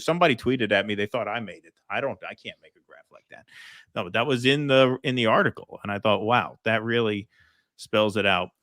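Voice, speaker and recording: A man's voice: medium pitch, pushed and bright, no room sound, clean studio sound. A man hosting a casual political livestream, reading out viewer comments and thanking donors, chatty with many ums and restarts. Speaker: host reading viewer super chats.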